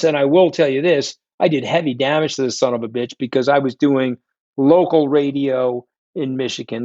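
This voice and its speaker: A middle-aged man, a guest telling stories in an interview, blunt, combative and quick to swear. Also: mid-range voice, a little mellow, no echo. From New York. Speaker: guest, fund founder. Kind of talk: candid storytelling interview. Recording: dull, dry lo-fi sound.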